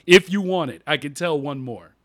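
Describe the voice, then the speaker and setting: A man telling funny stories in a casual, animated way, laughing often and dropping his voice low and calm when he quotes himself. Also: normal speed. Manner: uses "y'all" and slang. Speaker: podcast guest storyteller. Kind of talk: casual storytelling.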